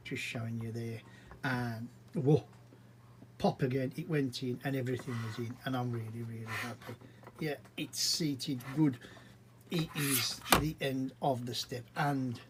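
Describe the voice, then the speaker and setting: A man's voice: medium pitch, slight background noise, rough recording. A man giving casual, rambling commentary as he narrates his own brick model build. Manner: chatty, rambling, unhurried, with frequent fillers.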